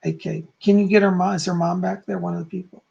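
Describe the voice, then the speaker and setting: Guy doing live psychic readings, gravelly kinda husky voice, chatty with viewers. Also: high voice, little pitch movement, quick pace, darkish tone, highs cut off. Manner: chatty, answers viewers one by one. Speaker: psychic medium.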